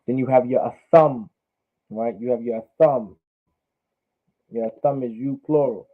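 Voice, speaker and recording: A man teaching a language class online, drilling words by repeating them slowly. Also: mid-range voice. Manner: repetitive, drills pronunciation slowly. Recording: phone-like narrow sound.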